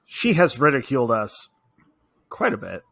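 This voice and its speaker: A man's voice: mid-range voice, very animated, moderate pace, vocal fry, fairly bright tone. A young man co-hosting a podcast, chatting casually, laughing often and acting out quotes. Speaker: podcast co-host. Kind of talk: casual chat.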